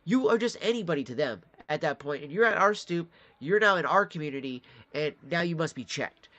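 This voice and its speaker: A Detroit, Michigan vlogger speaks a little fast in a fairly high, fairly bright, animated voice. He's telling a story in a casual monologue, cursing freely and doing the voices of the people he quotes.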